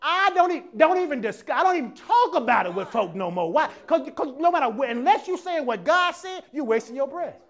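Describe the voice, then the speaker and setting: A pastor with a strikingly high voice delivers a lively, animated sermon to his congregation at a church service. His delivery is relaxed and casual, fairly quick with hardly any pauses, and he often mimics other people's voices while alternating between quiet asides and loud, emphatic points.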